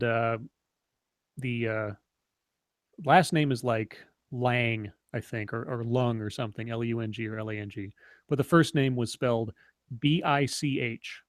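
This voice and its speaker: A man's voice: medium pitch, normal speed, dry recording. A man co-hosting a casual online chat, telling long stories with many fillers and restarts. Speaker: podcast co-host.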